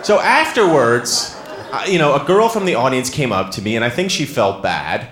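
A man's voice: medium pitch, very animated, normal speed, a bit bright. A man performing a stand-up comedy set on stage, telling a self-mocking story with dry sarcasm. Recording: echoey live room with clear background noise.

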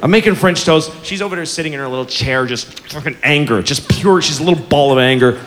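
A man in his forties doing stand-up, telling a story in a profane, self-mocking, animated way. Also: on the high side, quick pace, long reverb tail. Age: 40s. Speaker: stand-up comedian. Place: comedy club stage with audience. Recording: live club room with crowd and noise.

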